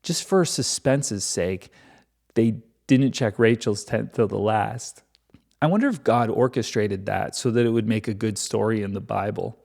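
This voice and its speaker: A man's voice: fairly low pitch, unhurried, vocal fry, a little mellow. A man reading a Bible chapter aloud and breaking off for sarcastic, mocking asides between verses. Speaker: Bible reader and commentator. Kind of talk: Bible reading with irreverent commentary.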